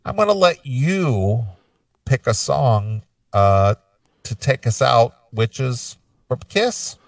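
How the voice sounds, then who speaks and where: A man's voice: medium pitch, animated, takes it slowly, gravelly, no echo, distant mic. Laid-back man co-hosting a metal show. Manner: rambling, laid-back, lots of fillers. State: hiccups. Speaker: podcast co-host. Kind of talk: casual chat.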